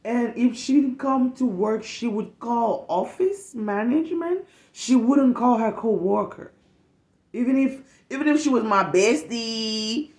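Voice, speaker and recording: A young woman from West Africa telling a casual storytime rant as a vlogger, animated and profane, acting out what people said. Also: a little high, echoey room. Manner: animated, profane, emphatic, acts out quotes.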